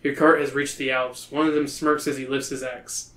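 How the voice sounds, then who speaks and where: A man's voice: mid-range voice, little pitch movement, normal speed, a bit bright. Male host reading a kids' book aloud, playful, roomy echo. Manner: playful, breaking into laughter.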